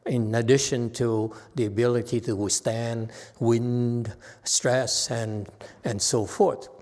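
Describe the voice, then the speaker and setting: A man's voice: mid-range voice, fairly even intonation, takes it slowly, a little mellow. A man as a Buddhist meditation master giving a conversational dharma lecture, checking in with his listeners often.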